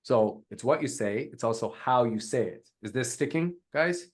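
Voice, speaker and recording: A man of middle pitch coaching an online audience over a video call. He speaks with energy and punches his example lines with clear emphasis. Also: lively intonation, normal speed. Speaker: guest speaker on content creation. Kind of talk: live webinar coaching.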